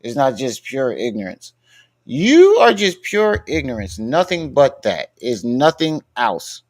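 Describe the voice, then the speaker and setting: A man's voice: medium pitch, very animated, unhurried. A man hosting a live stream, talking in a blunt, profane, mocking way as he reacts to a video. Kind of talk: casual live-stream commentary.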